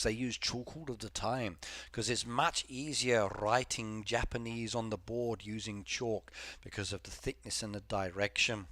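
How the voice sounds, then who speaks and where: A man's voice: mid-range voice, a bit bright, dry recording. A man chatting casually with viewers on a game live stream, rambling from topic to topic and reading comments aloud. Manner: frequent fillers and repeated yeses.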